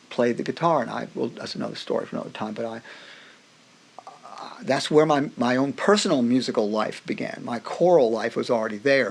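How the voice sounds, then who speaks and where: A middle-aged man of middling pitch tells stories from his own life as a podcast guest. His voice rises and falls freely as he acts out what others said, and he often breaks off and restarts his sentences. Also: creaky. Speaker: podcast guest, music professor. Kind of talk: personal storytelling in a conversation.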